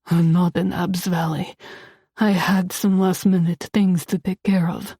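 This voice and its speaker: A woman voicing a protective man with a slight Russian accent, speaking low and steady to reassure someone over the phone. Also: measured pace, breathy edge, no room sound, clean studio sound. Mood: soothing.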